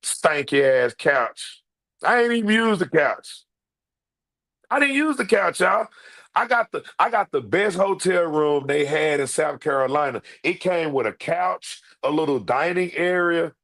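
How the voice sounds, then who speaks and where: A man's voice: fairly high pitch, a little slow. A man hosting his own show, telling a comedic, profane story straight to his viewers and calling them "y'all.". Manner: profane, animated, talks to the audience as "y'all". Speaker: online show host.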